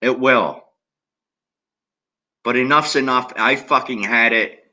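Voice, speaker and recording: A man's voice: medium pitch, slow, pushed and bright, highs cut off. A man ranting angrily to camera as a political video blogger, swearing constantly and addressing viewers directly. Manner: agitated, heavily profane, talks straight at viewers. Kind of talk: angry rant to camera.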